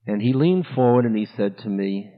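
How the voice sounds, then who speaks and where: A man's voice: medium pitch, expressive, fairly quick. A man as a spiritual teacher, telling a personal story to an audience in a candid, self-mocking way that breaks into laughter. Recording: echoey hall, dull older recording.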